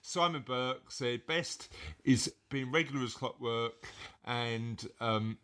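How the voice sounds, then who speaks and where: A man's voice: mid-range voice, slow, pushed and bright, a little hiss or hum. A man hosting a casual podcast with his daughter, reading out listener answers in a jokey, rambling way and laughing at them. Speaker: podcast host; father of co-host.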